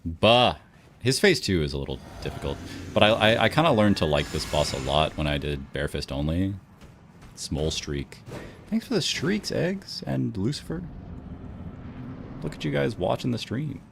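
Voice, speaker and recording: A man's voice: low-pitched, sing-song, moderate pace, gravelly, fairly bright tone, a little hiss or hum. A man with a Texan accent, chatting casually with viewers while streaming a game, laid-back and talkative. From Texas. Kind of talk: casual chat while gaming and reading chat.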